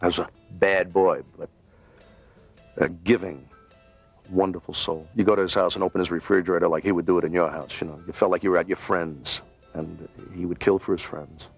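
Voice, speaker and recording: A man's voice: low voice, fairly even intonation, brisk, creaky, husky, soft background music. A man in an interview, reminiscing fondly about a generous friend. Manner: warm, affectionate reminiscing. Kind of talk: reflective interview.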